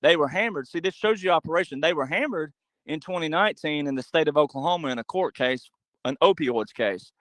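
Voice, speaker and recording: A man speaking as a podcast guest in an animated monologue, emphatic and full of rhetorical questions. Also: a little high, a little fast, dry recording, rough recording. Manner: acts out quoted voices.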